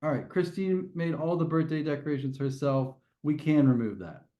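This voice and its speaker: A male teacher walks a class through a grammar lesson, one careful step at a time. His voice sits a little high for a man, with a mellow, relaxed tone. He restarts phrases and throws questions to the class. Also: normal speed. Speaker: test prep teacher.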